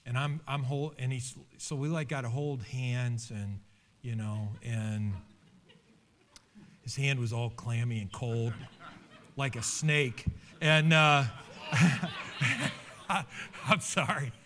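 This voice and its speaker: A pastor delivers a conversational sermon in a bright, forceful voice. He tells stories with humor and lively asides. His delivery is animated and informal. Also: mid-range voice, slow, long pauses, a little hiss or hum.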